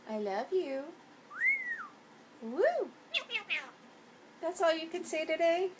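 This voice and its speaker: A woman's voice: very high-pitched, expressive, normal speed, heavy background noise. A woman talking to her pet parrot at home in coaxing baby talk, recorded on a phone held close. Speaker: pet owner.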